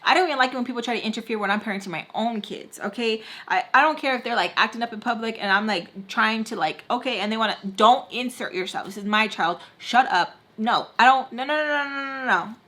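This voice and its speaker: Young female vlogger, bright higher voice, heated casual storytime rant. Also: fast talker, hardly any pauses. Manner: heated, ranting, swears freely, fillers of "like". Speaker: beauty vlogger telling a story.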